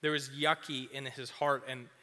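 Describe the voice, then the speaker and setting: A young man giving a casual youth sermon as a youth pastor, chatty and full of "like", acting out quick little voices. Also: mid-range voice, level tone, bright, forceful tone. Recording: long hall reverb.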